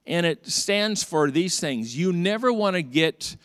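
A middle-aged pastor with a high voice preaches unhurriedly, and the studio-quality recording has no room sound. His sermon is full of stories, with the dialogue performed vividly.

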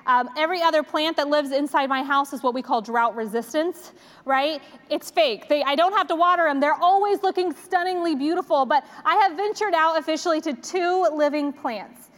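A woman's voice: high-pitched, a bit bright. A woman in her forties giving a conversational sermon, a chatty, self-deprecating storyteller. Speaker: church speaker. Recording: long reverb of a large hall.

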